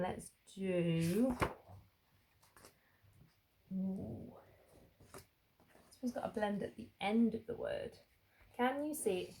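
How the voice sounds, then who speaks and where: A woman leads a home phonics lesson for small children. She talks at an unhurried, measured pace in a mid-pitched voice. She stretches out every letter sound so the children can copy it. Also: warm tone. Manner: slow, drawn-out sounding out of letters. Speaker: teacher.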